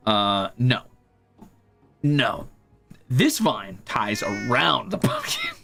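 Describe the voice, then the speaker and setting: A man's voice: mid-range voice, huge pitch swings, extremely slow, vocal fry, music in the background. A man streaming while he draws, chatting casually and rambling, muttering to himself and teasing his cat. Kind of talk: casual chat while drawing.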